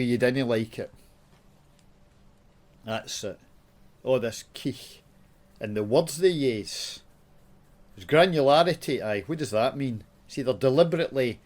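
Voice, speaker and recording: Swearing Scottish man ranting while playing. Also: medium pitch. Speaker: YouTuber. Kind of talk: casual gaming chat with swearing.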